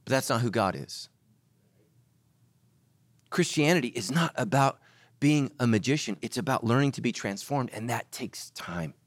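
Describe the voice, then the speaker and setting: A middle-aged man preaching a sermon as pastor, animated and joking, acting out little voices. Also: mid-range voice, moderate pace, pauses often, dry recording. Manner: animated, acts out voices, jokes with the congregation.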